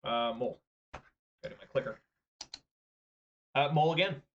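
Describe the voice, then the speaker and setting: A man casually commentating his own card game matches, muttering through quiet turns and getting loud and excited at big plays. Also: medium pitch, normal speed, lo-fi sound, slight background noise. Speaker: gameplay commentator.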